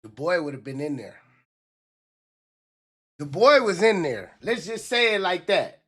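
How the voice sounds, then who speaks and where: A man ranting on a livestream with loose, animated, repetitive talk, often slipping into mock voices. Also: high voice, unhurried, breathy edge. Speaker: livestream commentator.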